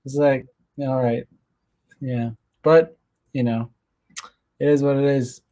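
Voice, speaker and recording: A man's voice: mid-range voice, fairly even intonation, mellow. Guy talking on his own stream, lots of ums and false starts, just rambling on. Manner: rambling, halting, many fillers and restarts. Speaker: host. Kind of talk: casual solo livestream commentary.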